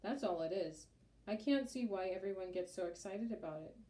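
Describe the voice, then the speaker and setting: A woman reading aloud, voicing an earnest young male royal messenger who speaks plainly and clearly. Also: mid-range voice, animated, moderate pace, mellow, close to an everyday voice. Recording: roomy echo.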